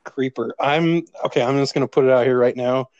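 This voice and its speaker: A man co-hosting a podcast, chatting casually about a movie, relaxed, laughing often and swearing now and then. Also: mid-range voice, fairly quick, dry recording, highs cut off. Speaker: podcast co-host. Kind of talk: casual movie review chat.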